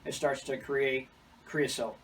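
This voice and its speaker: A chimney sweep speaks slowly in a mid-range voice, chatting about his trade and telling animated anecdotes along the way. Outdoor noise sits behind him, and he's recorded from a distance.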